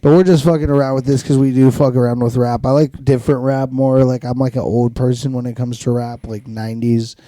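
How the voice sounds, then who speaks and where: A man's voice: medium pitch, level tone, brisk, few pauses, mellow, dry recording, clean studio sound. A man co-hosting a podcast in casual chat, rambling and swearing a lot, laughing often. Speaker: podcast co-host.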